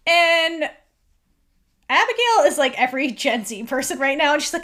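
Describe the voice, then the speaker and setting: A woman's voice: high-pitched, big pitch swings, moderate pace, pushed and bright. A woman podcast host recapping a TV episode in a chatty way, full of "like" and half-acted lines from the characters.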